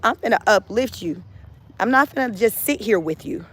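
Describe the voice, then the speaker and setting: A woman's voice: mid-range voice, animated, moderate pace, slightly rough. A woman hosting a casual motivational livestream, talking emphatically, repeating phrases and laughing often. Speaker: livestream host.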